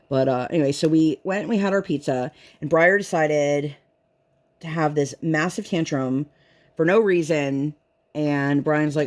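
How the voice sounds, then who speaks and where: A woman's voice: low voice, normal speed, a little mellow. A woman vlogger and mother chatting casually while she works on a craft, rambling and leaning on "like" a lot. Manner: rambling, chatty, heavy use of "like".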